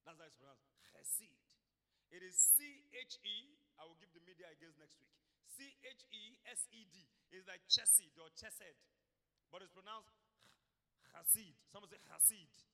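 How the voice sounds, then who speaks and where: A man's voice: high-pitched, lively intonation, quick pace, few pauses, bright, forceful tone, long reverb tail. A male pastor preaching a fervent sermon and leading the congregation in call-and-response.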